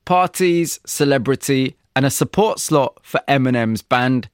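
Male host-narrator, measured, probing questions; dry, close sound. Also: mid-range voice, clear, resonant tone, no echo. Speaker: interviewer and narrator. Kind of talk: documentary-style interview and narration.

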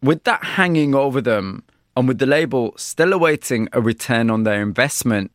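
A man interviewing a guest and narrating, asking measured, probing questions. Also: mid-range voice, animated, dry recording, clean studio sound. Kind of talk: documentary-style interview and narration.

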